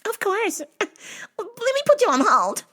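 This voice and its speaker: A syrupy, falsely polite shop clerk answering the phone in a squeaky, sky-high voice, as a woman puts it on to mock a caller. The sweetness is overdone and plainly fake, every word lifted up into a bright falsetto. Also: big pitch swings, slow, exaggerated voice. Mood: mock-sweet.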